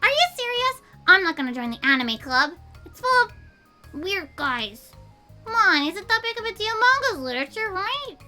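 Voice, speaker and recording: A woman voicing a blunt, defensive schoolgirl who gets indignant fast. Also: sits high, lively intonation, soft background music, exaggerated voice. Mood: outraged. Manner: indignant, sharp, loud. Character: sassy young girl Natsuki, defensive and blunt.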